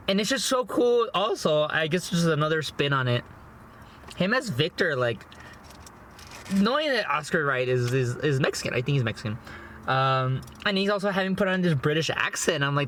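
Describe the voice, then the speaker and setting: A man's voice: a little high, bright, forceful tone, slight background noise. A young man chatting casually in his parked car, eating and reviewing a movie. He rambles, repeats words and says "you know" and "bro" a lot. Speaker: food vlogger and movie reviewer. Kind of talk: casual chat while eating.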